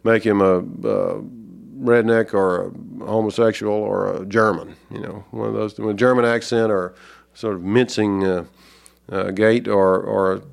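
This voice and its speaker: A man from Georgia with a Southern accent, an author talking as an interview guest, thoughtful and halting with many fillers. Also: fairly low pitch, steady tone, gravelly. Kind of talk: reflective interview talk.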